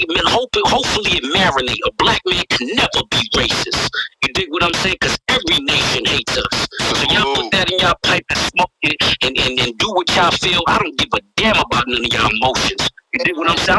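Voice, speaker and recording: A man with a New York accent, speaking forcefully in a heated call-in room, checking in often with "you dig what I'm saying.". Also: a little high, lively intonation, fairly quick, few pauses, a loud crowd, poor audio. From Brooklyn, New York. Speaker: guest speaker. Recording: heavy noise over the line.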